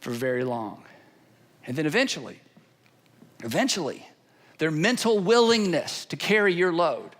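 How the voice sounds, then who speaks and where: A man with a notably high voice preaches a sermon from the pulpit. He builds his points through repeated phrases that grow in insistence. His tone stays earnest and pleading throughout. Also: fairly bright tone. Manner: repetitive, building cadence. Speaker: pastor.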